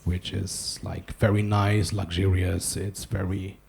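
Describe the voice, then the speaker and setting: A man's voice: low-pitched, little pitch movement, slow pace, creaky, a little mellow, slightly rough. A man from Germany giving a conference talk, telling wry, self-deprecating stories with asides. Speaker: conference speaker. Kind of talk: humorous keynote talk. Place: conference hall.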